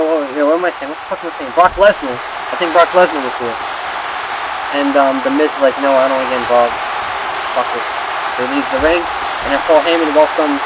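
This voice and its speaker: A young man with a slightly high voice rambles through a wrestling recap, cursing freely and getting worked up at the big moments. A loud cheering crowd from the game fills the background. Steady engine-like noise rumbles underneath. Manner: profane, rambling, excitable. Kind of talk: casual recap over gameplay.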